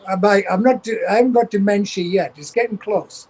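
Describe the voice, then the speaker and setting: A man's voice: sits high, moderate pace, darkish tone, rough recording. An older man with a Geordie accent, a guest telling rambling, profane road stories. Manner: salty, swears freely, rambling. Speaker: guest, veteran tour manager. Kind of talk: casual anecdotal storytelling.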